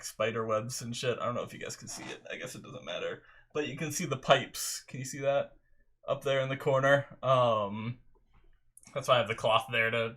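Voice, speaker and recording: Bright-voiced young man rambling casually. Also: medium pitch. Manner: rambling, storytelling with many restarts. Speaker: anime reaction host. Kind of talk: casual chat. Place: bedroom at home.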